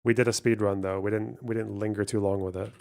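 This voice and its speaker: A man's voice: on the low side, little pitch movement, quick pace, creaky, warm tone. A man hosting a live stream, reading out donations and thinking aloud over a word puzzle, muttering and swearing as he goes. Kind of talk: casual live stream chat.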